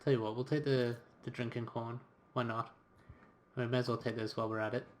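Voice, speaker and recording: A man's voice: medium pitch, a little fast, a little hiss or hum. A man playing a story game, chatting casually and reading its narration aloud. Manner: relaxed, reading narration with occasional quoted voices. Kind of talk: casual let's-play commentary and reading aloud.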